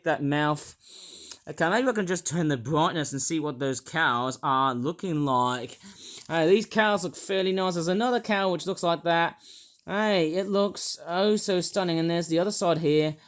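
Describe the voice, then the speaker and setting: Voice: medium pitch, moderate pace. Rambling toy vlogger. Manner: rambling, jokey, self-mocking. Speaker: toy reviewer. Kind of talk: casual vlog.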